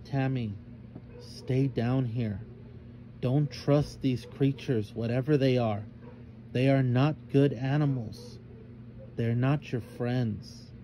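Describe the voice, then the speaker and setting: A man's voice: fairly high pitch, a little slow, dark tone, a little hiss or hum, voice pushed up, natural voice, poor audio. A man voicing a stern, protective thylacine mother who scolds and lectures her daughter. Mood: warning.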